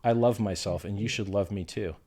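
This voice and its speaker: Combative, foul-mouthed man, lowish voice. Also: fairly quick, a little mellow. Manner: combative, profane, insulting. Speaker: interview guest. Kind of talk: heated livestream interview.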